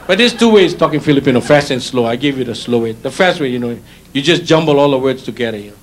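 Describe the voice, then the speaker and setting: A man's voice: mid-range voice, expressive, quick pace. A middle-aged man with a Hawaiian Pidgin accent, doing teasing stand-up comedy and chatting directly with audience members. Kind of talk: stand-up comedy with crowd work. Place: hotel showroom stage before a live audience. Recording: live show with crowd laughter and noise.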